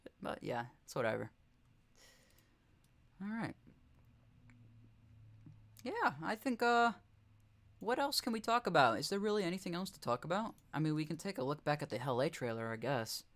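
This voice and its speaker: A man's voice: fairly high pitch, very animated, moderate pace, long pauses, a bit bright. A young man casually commenting on game footage during a live stream, rambling and correcting himself with chuckling asides.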